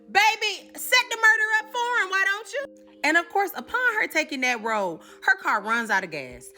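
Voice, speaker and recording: Sassy, high-voiced woman recapping. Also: bright, forceful tone. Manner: sassy, slangy, talks straight to viewers. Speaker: comedy recap host. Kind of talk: casual comedic recap.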